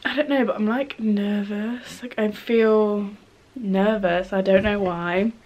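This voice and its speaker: A woman's voice: mid-range voice, fairly even intonation, slow, highs cut off, background noise. A young woman with a British accent, chatting casually in a rambling vlog and saying "like" a lot. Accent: British English. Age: young adult. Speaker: university student vlogger.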